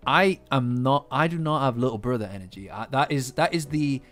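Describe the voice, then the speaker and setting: A man's voice: medium pitch, fairly quick, fairly bright tone, faint music behind. A man hosting a live stream, chatting casually and teasing his viewers. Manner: playful, bantering with chat.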